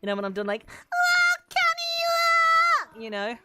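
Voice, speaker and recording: A woman's voice: mid-range voice, flat delivery, rapid-fire, very noisy. A woman streamer chatting casually while she plays a game, rambling and swearing freely with lots of fillers, in a voice she calls androgynous. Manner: rambling and profane, with many fillers.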